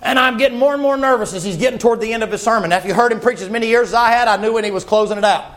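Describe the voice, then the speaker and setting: A man preaching a sermon in a folksy way, often rising to a shout. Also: high-pitched, very fast. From Southern United States. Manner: folksy, breaks into shouts and acted voices.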